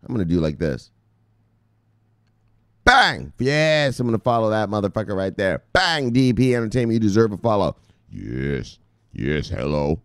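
A middle-aged man talking excitedly as a crypto news vlogger, cursing and shouting shout-outs to viewers. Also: on the low side, measured pace, no room sound, clean studio sound. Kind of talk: casual hyped-up commentary.

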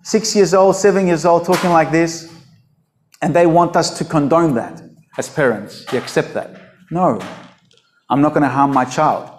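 A man's voice: fairly high pitch, moderate pace, reverberant, a little hiss or hum. A man preaching an unscripted sermon in a blunt, emphatic way, throwing out rhetorical questions.

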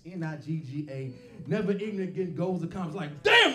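A man doing a stand-up comedy set, telling stories loudly and profanely and acting out other people's voices, with a laughing audience. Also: on the high side, big pitch swings, brisk, few pauses, far from the mic. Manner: loud profane storytelling, acts out voices. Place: comedy club stage. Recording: echoey club, mic off from speaker, crowd noise.

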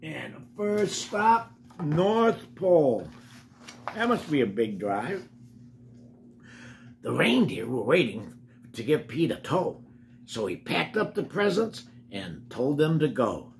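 A man's voice: fairly high pitch, vocal fry, a little hiss or hum. An older man reading a picture book aloud to children, breaking off for chatty asides to the kids. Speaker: storybook reader.

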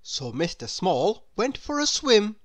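A woman reading a children's picture book aloud in a slow, expressive, sing-song storytelling voice. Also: medium pitch, dry recording. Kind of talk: children's read-aloud narration.

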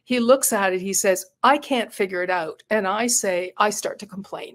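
An earnest middle-aged woman talks through her thoughts in a conversational interview, often repeating a word as she gathers the next idea. Her voice sits at a mid pitch. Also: expressive, moderate pace, few pauses. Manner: earnest, reflective, repeats words while thinking. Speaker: guest, retired psychotherapist and coach. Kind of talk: conversational interview, personal storytelling.

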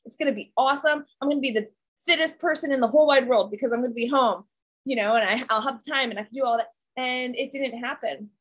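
A high-voiced woman in her thirties leads her team's kickoff call over video. She talks in a chatty, animated way, tossing in "right?" and "like" as she tells her story. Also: poor audio. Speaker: fitness coach leading a team call. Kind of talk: casual presentation to her team.

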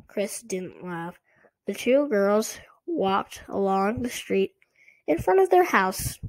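A woman narrating a storybook slowly and deliberately. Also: mid-range voice, very animated.

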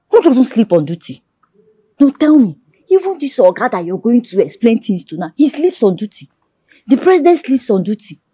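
A woman's voice: fairly high pitch, mellow, breathy edge, no echo. A sarcastic scheming Nigerian woman. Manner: sarcastic, mocking. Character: scheming sharp-tongued woman of the house. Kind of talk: film acting.

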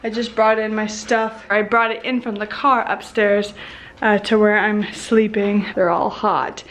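A woman's voice: mid-range voice, little pitch movement, unhurried, a bit bright, a little hiss or hum. A young woman chatting casually in a home vlog, a bit out of breath and tired, sometimes cooing at dogs in baby talk. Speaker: vlogger. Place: house, indoors.

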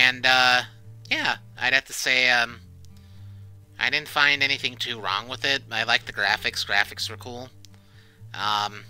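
A young man playing a horror game on his channel, panicking and swearing out loud, then giving a rambling casual review. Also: medium pitch, clear, resonant tone, poor audio. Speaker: gaming channel host. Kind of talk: horror game let's play commentary.

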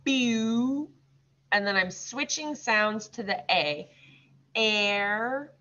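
A woman teaching second graders, sounding out words slowly and patiently. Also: medium pitch, very animated, sharp tone. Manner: slow, drawn-out modeling of words. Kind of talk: recorded classroom lesson. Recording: slightly dull lo-fi recording.

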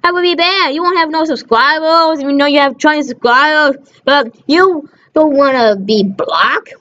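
A woman's voice: high voice, moderate pace, fairly bright tone. A woman in a rambling, profane rant, scolding someone over and over. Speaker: channel host. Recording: dull lo-fi recording.

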